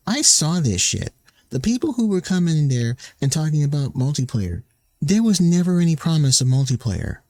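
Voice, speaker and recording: A man's voice: fairly high pitch, a little mellow, dry recording. A man streamer delivering a heated, swearing commentary rant that mocks the people he quotes.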